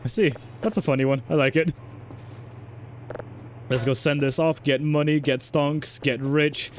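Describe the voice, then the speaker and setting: A man's voice: fairly high pitch, a little slow, slight background noise. A man streaming a game in casual commentary, chatty, swearing and joking while talking to his chat.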